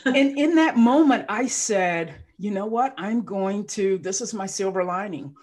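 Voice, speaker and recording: Guest voice: a woman coach, expressive and emotional, plays out the quotes in her story, mid pitch. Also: measured pace. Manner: emotional, animated storyteller who acts out quotes. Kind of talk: casual podcast interview.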